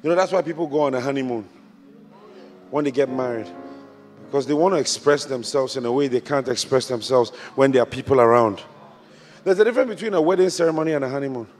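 A man from Ghana preaching a sermon as a bishop, swinging from quiet reflection to shouted exhortation with repeated rhetorical questions. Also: medium pitch, fast. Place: large church auditorium. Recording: large church hall with long reverb, music behind.

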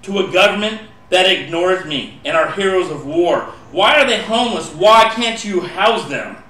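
A man performing spoken-word poetry, building from quiet storytelling to impassioned pleading. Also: high-pitched, lively intonation, normal speed. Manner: impassioned, rising to pleading shouts. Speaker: poet. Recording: echoey room from far off.

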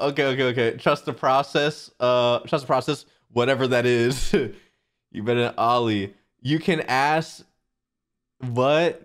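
A man's voice: mid-range voice, clean tone. A young man streaming casually, joking and swearing as he stumbles over new phrases. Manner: joking, profane, self-mocking. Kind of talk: casual livestream chat.

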